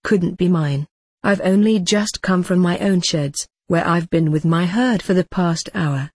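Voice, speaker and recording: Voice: mid-range voice, unhurried, husky, dry recording, studio quality. A storyteller voicing a stubborn male dairy farmer on the phone, defensive and insistent.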